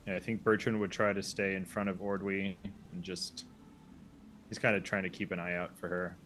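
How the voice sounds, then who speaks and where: Low-voiced man playing a tabletop game. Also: level tone, normal speed, fairly bright tone, slight background noise. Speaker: player. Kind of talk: casual chat while playing a tabletop game.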